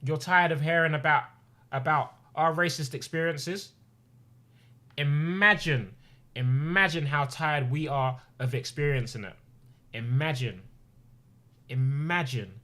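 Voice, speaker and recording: This man in his twenties, streaming from a room at home, has a fairly high, bright, forceful voice and an unhurried pace with long pauses. His emotional personal talk is earnest and impassioned, and he repeats phrases for emphasis.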